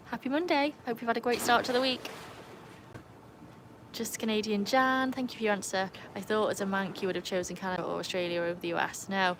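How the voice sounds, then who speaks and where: This livestream host, from England and North Wales with a mixed Birmingham and North Wales accent, chats casually from a home with a pool and greets her viewers by name. Her mid-range voice is fairly quick with fairly even intonation, and the background is noisy.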